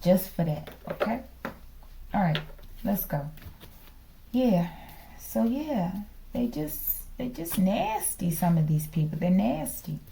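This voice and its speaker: A woman's voice: mid-range voice, very animated, takes it slowly, vocal fry, pauses often, noisy background. A woman giving a casual spiritual tarot reading in a chatty, teasing way, often ending lines with a questioning "okay?" and sometimes dropping to a whisper. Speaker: tarot reader.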